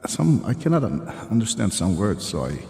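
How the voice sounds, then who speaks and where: Halting, low-voiced man in an echoey room. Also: sing-song, creaky, warm tone. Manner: halting, searches for words, restarts often. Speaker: guest co-host, travel channel creator. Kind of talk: casual live-stream chat. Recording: echoey room with long reverb.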